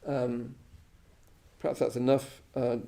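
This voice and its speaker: A man's voice: medium pitch, flat delivery, slow, gravelly, dark tone. An English man giving an informal Buddhist talk to a live class, chatty and self-deprecating, often checking in with "you know" and "yeah?". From England. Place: shrine room at a Buddhist centre, live class.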